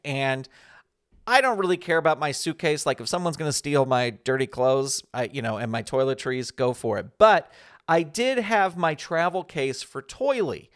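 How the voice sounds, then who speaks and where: Animated, clear-voiced man in his fifties. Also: on the high side. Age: 50s. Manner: chatty, self-deprecating, animated when quoting others. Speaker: podcast host and puppeteer. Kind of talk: casual storytelling monologue.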